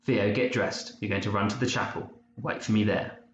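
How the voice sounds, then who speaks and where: A man voicing a calm, firm mother who gives sharp, commanding orders. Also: on the low side, moderate pace, lightly acted. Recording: muffled roomy recording, faint hiss.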